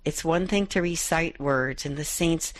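With a deep voice and measured pace, a middle-aged woman hosts a Catholic radio broadcast, rereading a gospel passage aloud and reflecting on it devotionally. There's no echo in the recording.

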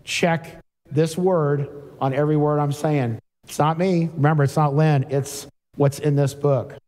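A man's voice: fairly high pitch, steady tone, a little slow, a little mellow. A man preaching a sermon in a conversational way, reading scripture aloud and breaking in with asides. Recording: long hall reverb.

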